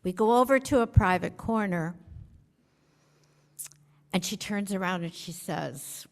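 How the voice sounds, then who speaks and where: A woman's voice: medium pitch, measured pace, gravelly, pauses often. A woman giving a chatty, self-deprecating storytelling sermon to a congregation, acting out the quotes she tells. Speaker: speaker at a congregation. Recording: long hall reverb.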